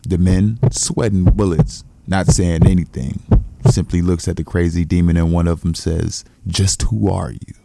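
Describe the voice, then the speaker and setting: A man's voice: low-pitched, little pitch movement, moderate pace, gravelly, background noise. A man casually retelling a story as a recap narrator. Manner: plain, casual retelling with slang.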